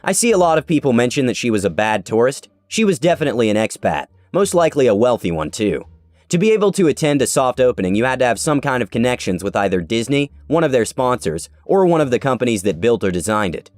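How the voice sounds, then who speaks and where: A man reads an online story aloud with sarcastic, animated delivery, his pitch leaping up and down through the tale. His voice sits close and dry on the mic. Soft music plays beneath him. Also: fast, dry recording. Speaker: narrator. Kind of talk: scripted narration of an online story. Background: faint background music.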